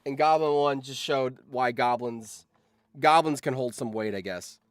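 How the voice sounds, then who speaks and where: A man streaming live, reacting excitedly and yelling in surprise on a close mic. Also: medium pitch, measured pace, clean tone, no echo. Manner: excitable, yells in surprise, laughs often.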